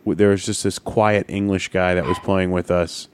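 Low-voiced man telling a gaming story. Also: moderate pace, clean tone, no echo. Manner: storytelling, animated, swears. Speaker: podcast co-host. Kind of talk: casual chat.

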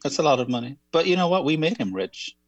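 A man co-hosting a radio talk show, chatting in a thoughtful, self-deprecating way with many halting restarts. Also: on the high side, big pitch swings, no room sound, lo-fi sound. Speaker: radio show co-host and writer. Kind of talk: casual chat.

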